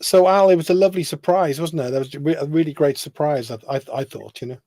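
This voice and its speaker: A man's voice: fairly high pitch, fast talker, warm tone, no room sound. A man hosting a fan phone-in, asking questions in a friendly way and reading out viewer comments. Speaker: host. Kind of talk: casual chat.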